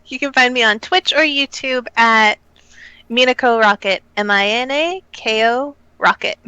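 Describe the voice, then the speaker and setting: A woman guesting on a podcast in casual chat, cheerful and quick to laugh, heard over a dull remote line. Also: a little high, sharp tone, clean tone, no echo.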